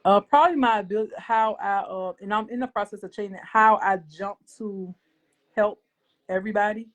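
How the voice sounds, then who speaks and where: A woman talks as a podcast guest, earnest and reflective as she shares her testimony of faith. Her voice sits at an ordinary middle pitch. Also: fairly even intonation, fairly quick. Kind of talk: personal faith testimony in conversation.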